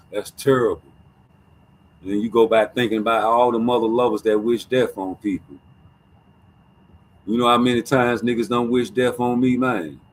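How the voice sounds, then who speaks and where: A man's voice: fairly low pitch, a little mellow. A man hosting a casual streamed boxing talk show, talking in a profane, emphatic way and repeating his points.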